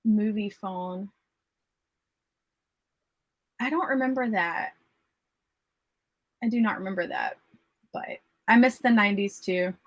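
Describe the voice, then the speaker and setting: A woman's voice: mid-range voice, measured pace, pauses often, dry recording. A woman in her thirties hosting a casual writing livestream, chatty and nostalgic, laughing often. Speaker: livestream host.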